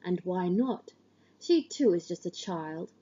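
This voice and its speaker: A woman reading a literary story aloud in the first person, measured and grave, on a dull lo-fi recording. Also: lowish voice, animated, mellow. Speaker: audiobook reader.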